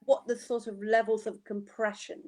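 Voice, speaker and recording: A woman's voice: a little high, level tone, normal speed, a crowd in the background. A woman canine therapist as a guest in a casual discussion, agreeable and backing up the host with short replies.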